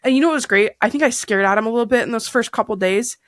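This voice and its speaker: A woman's voice: on the high side, rapid-fire, no room sound, clean studio sound. A woman in her thirties chatting candidly as a podcast guest, rambling with fillers and restarts. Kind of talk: candid casual chat.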